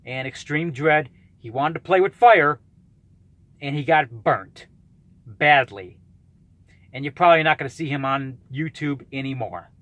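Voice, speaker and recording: A man in his thirties with a fairly high voice, ranting bluntly on his vlog. He sounds combative and swears freely. The recording is dry and close, with no room sound. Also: lively intonation, unhurried, a bit bright, no echo. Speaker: YouTuber calling out a rival.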